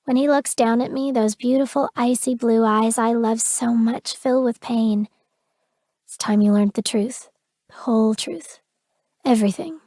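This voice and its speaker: A woman's voice: on the high side, unhurried, mellow, dry recording, clean studio sound. Woman narrating an intimate audiobook. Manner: intimate, emotional delivery. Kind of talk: first-person audiobook narration.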